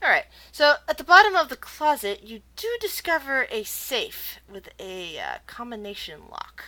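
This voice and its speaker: A woman's voice: on the high side, very animated, normal speed, sharp tone. A woman narrating as game master of a tabletop game, chatty and loose, with lots of fillers.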